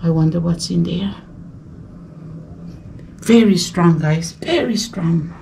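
A woman vlogging outdoors as she climbs a ruin, talking to her viewers in a slow, unhurried way full of nervous exclamations. Her voice sits low and a little gravelly, with a dark, mellow tone. It is picked up on an action camera. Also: slight background noise. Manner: nervous running commentary to viewers, many exclamations. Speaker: travel vlogger. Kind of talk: handheld travel vlog commentary.

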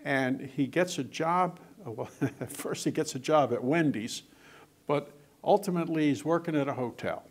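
A man's voice: fairly high pitch, normal speed. An older man, an author, chatting and telling anecdotes with lots of quoted dialogue. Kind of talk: casual storytelling in conversation.

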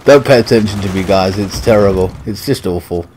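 A gaming channel host with a British accent commentates his own gameplay, ranting and swearing in frustration over loud video game gunfire and explosions. His voice is fairly low and fairly quick, with a little hiss or hum.

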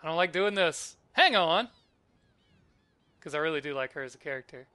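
A man's voice: fairly high pitch, animated, normal speed, pauses often, sharp tone, clear, resonant tone. A man hosting a let's play, thinking aloud and easily delighted as he plays. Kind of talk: casual gameplay commentary.

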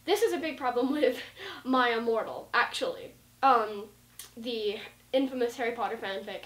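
A woman's voice: on the high side, moderate pace, fairly bright tone. A woman vlogging in a casual, rambling way, full of likes and ums, acting out lines of dialogue as she goes. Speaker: vlogger talking about writing. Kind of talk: casual rambling talk to camera. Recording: roomy sound from a distant mic.

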